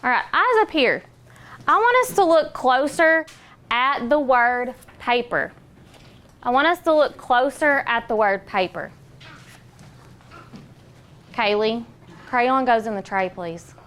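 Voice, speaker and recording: High-voiced woman teaching a class. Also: lively intonation, a bit bright. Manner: clear, patient, directive, drawn-out sounds. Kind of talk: classroom phonics lesson.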